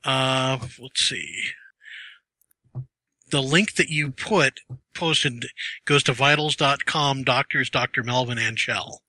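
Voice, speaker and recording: A man co-hosting a podcast, deadpan and pedantic in casual chat. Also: medium pitch, slow, long pauses, no room sound.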